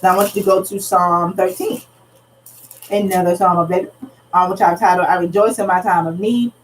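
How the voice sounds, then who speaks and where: Earnest low-voiced woman teaching scripture. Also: steady tone, fairly quick. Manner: earnest, retells scripture in casual everyday speech. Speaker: pastor teaching a Bible study. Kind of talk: conversational Bible study teaching. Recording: slightly distant mic, faint background noise.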